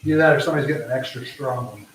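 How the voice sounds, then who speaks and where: Rambling cooking host in an echoey kitchen. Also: male voice, medium pitch, rapid-fire, slight background noise. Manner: rambling, self-mocking. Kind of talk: casual live cooking chat. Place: home kitchen. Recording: echoey room, mic far off.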